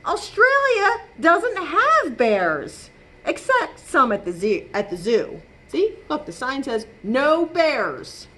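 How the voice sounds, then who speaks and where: A cranky little male koala, put on by a woman reading aloud, griping indignantly that nobody gets his name right. The voice is high and swoops widely, delivered at an unhurried pace. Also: big pitch swings, pushed and bright, full character voice. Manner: indignant, complaining. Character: grumpy fed-up male koala.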